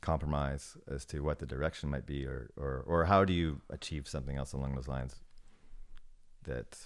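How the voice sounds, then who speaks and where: A middle-aged man talking casually on a podcast, measured and hesitant, thinking aloud as he goes. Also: a bass voice, fairly even intonation. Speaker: podcast guest, former snowboard shop manager.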